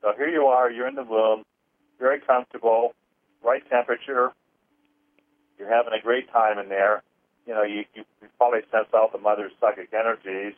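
A man, an energy healer on a radio talk show, who rambles with many fillers and counts slowly through a healing. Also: on the low side, dry recording. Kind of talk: phone-in radio talk with guided clearing. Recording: tinny phone line, dry.

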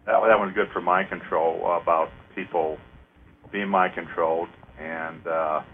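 A man hosting a casual radio talk, rambling with many fillers and counting aloud slowly to lead a clearing. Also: deep voice, fairly even intonation, slight background noise. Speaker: host leading an energy clearing. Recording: narrow phone-like radio sound.

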